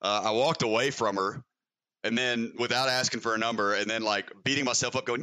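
Young Southern man, deep voice, quick talker, crisp smooth tone, self-mocking storyteller. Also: steady tone, sharp tone. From Mississippi, USA. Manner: rambling, self-mocking, laughs through stories. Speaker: podcast guest. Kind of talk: casual storytelling.

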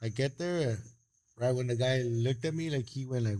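A man from East Los Angeles tells a story as a podcast guest. He talks fast, rambling and laid-back, with plenty of swearing. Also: mid-range voice, fairly even intonation, dark tone. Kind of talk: casual storytelling.

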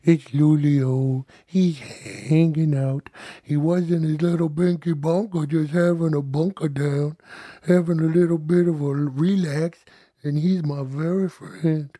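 A man's voice: fairly high pitch, steady tone, unhurried, mellow. A man co-hosting a podcast, joking, swearing and bantering casually. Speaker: podcast co-host. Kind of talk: casual chat.

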